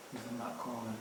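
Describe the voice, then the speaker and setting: A man working as a medium, hesitantly describing what he senses. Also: medium pitch. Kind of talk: paranormal investigation. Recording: echoey room with background noise.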